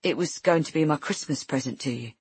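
A woman voicing a regretful young male naval officer, speaking softly and hesitantly. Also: low-pitched, brisk, breathy edge, no echo. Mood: tender. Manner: soft, hesitant, voice breaking.

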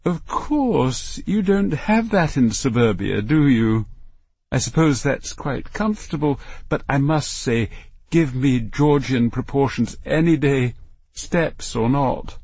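A man voicing a bossy, pretentious mother who talks down to people with slow, prim drawn-out words. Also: mid-range voice, expressive, darkish tone, slightly rough, no room sound, voice pushed up, exaggerated voice. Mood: haughty. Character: bossy pretentious mother, middle-aged woman.

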